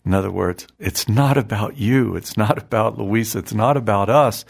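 A man reading a devotional text aloud and explaining it in an earnest, measured way, often repeating phrases. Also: lowish voice, creaky. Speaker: spiritual teacher.

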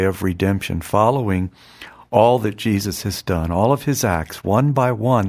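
A man reading a devotional text aloud and explaining it in an earnest, measured way, often repeating phrases. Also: lowish voice, darkish tone. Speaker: spiritual teacher.

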